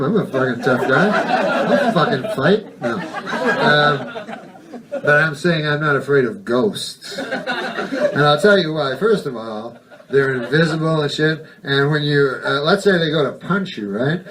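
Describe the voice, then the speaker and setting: A man doing a stand-up comedy monologue on a club stage, delivered in a deadpan, rambling and profane style with halting asides. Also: a little high. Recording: distant mic, noisy live recording.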